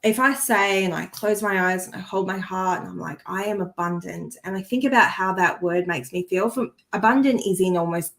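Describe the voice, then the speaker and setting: A woman's voice: medium pitch, a little fast, hardly any pauses, a bit bright. Woman, podcast co-host, earnest and heartfelt, coaching tone, self-correcting mid-sentence, mid-range voice. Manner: restarts sentences while searching for words. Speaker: co-host and energy healer. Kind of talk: casual podcast chat.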